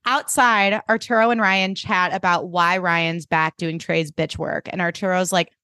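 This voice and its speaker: A woman's voice: on the low side, steady tone, a little slow, sharp tone, no echo, clean studio sound. A woman co-hosting a podcast, retelling plot points in casual chat, full of "like". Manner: conversational storytelling, frequent "like". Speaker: podcast co-host.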